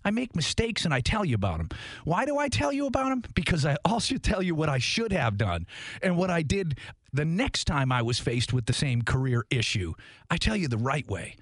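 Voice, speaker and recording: A man's voice: fairly high pitch, big pitch swings, a little fast, no echo. A middle-aged man hosting a radio show, speaking energetically and motivationally, talking straight to his listeners. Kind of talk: upbeat radio show talk. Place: radio studio.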